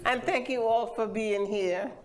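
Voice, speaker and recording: An older woman from Trinidad with a Trinidadian accent, giving a measured, lilting live poetry reading as the featured poet at a literary event. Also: fairly high pitch, crowd noise.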